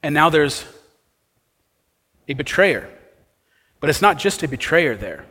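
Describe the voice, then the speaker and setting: Male pastor with a slightly raised pitch, expository sermon, rhetorical questions, long hall echo. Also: big pitch swings, unhurried, bright, forceful tone, slightly rough.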